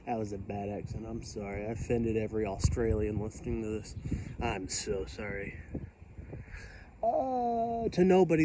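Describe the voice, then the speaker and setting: A man's voice: lowish voice, animated, moderate pace. A man filming a storm outside his house, rambling casually with jokey, self-deprecating asides. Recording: outdoor wind and storm noise.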